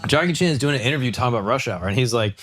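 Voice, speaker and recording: A man's voice: medium pitch, lively intonation, very fast, a bit bright. A man co-hosting a comedy podcast, telling stories in a joking manner and laughing often. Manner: joking, laughs often, does voices in quotes. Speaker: podcast co-host. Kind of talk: casual comedic chat.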